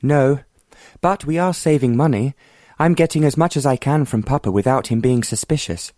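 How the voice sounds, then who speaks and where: A man's voice: medium pitch, moderate pace, warm tone, no room sound, studio quality, natural voice. A man reading a bold, determined young heiress.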